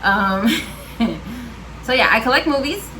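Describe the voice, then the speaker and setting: A woman's voice: on the high side, animated, unhurried, background noise. A woman chatting casually on her home vlog, answering questions with lots of fillers and laughs. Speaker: vlogger. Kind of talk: casual chat.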